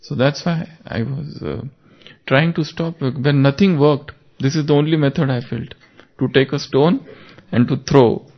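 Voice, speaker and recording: A man delivers a spiritual class in a gravelly voice, unhurried and fond of stories. He leans on repeated key words to drive points home. The recording sounds dull and lo-fi. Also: a little high. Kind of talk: spiritual talk.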